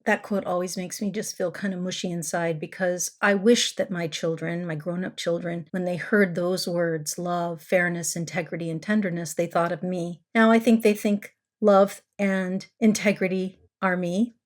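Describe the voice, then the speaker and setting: A middle-aged woman therapist hosting a parenting podcast, teaching in a calm, coaching way and repeating key words for emphasis. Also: lowish voice, moderate pace, hardly any pauses.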